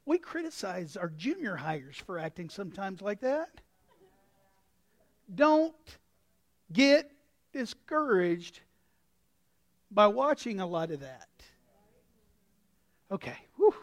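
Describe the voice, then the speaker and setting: A male pastor preaching a sermon with a folksy, anecdotal manner, swinging from quiet asides to sudden shouts. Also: sits high, very animated, measured pace, pauses often. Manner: impassioned, breaks into sudden shouts.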